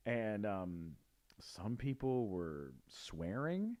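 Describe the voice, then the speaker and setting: A man's voice: on the low side, very animated, slow, darkish tone. A man telling a story in casual chat, rambling with many fillers and restarts. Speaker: guest.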